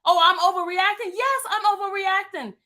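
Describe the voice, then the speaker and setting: Fifties woman, very high pitch, emphatic vlogger monologue with a heated, repetitive delivery. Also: fairly quick, bright, forceful tone. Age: 50s. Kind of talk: impassioned monologue.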